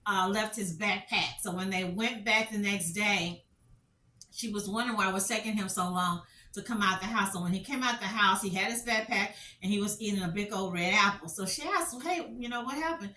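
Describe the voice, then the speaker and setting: A woman's voice: mid-range voice, fairly even intonation, brisk, bright, forceful tone, reverberant, distant mic. A middle-aged woman telling stories as a commentary vlogger, passionate and repetitive, full of rhetorical questions. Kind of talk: emotional storytelling commentary.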